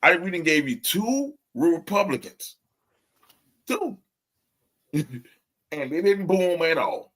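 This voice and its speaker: Profane, laughing podcast co-host. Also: male voice, fairly high pitch, takes it slowly, long pauses. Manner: profane, animated ranting with frequent laughs. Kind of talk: casual chat.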